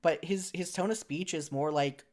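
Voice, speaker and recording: A podcast co-host chatting casually at a mid-range pitch. The delivery rambles, full of "like" and restarts, and keeps correcting itself mid-sentence. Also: normal speed, darkish tone. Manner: rambling, filler-heavy, frequent "like" and self-corrections. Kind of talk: casual chat.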